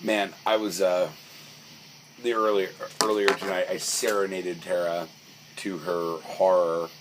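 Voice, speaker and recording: Low-voiced and a little slow, with little pitch movement, this young man is a podcast co-host chatting casually. He wanders through his stories with plenty of fillers and restarts, over faint background noise.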